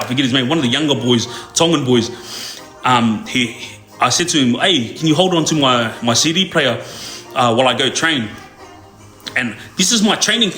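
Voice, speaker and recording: Laughing frequently and speaking in loose slang, a young man shares casual stories on a live stream. He has a slightly high, bright, forceful voice, and the echoey room carries faint background music.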